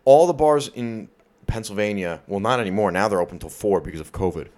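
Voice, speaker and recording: A man with a New York accent tells rowdy stories from his college bar days in a loose, profane podcast chat. His voice sits fairly low, and he slips into the voices of shouting drunks and bartenders. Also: brisk. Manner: profane, animated storyteller, acts out rowdy drunks. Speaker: podcast co-host. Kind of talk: casual storytelling chat.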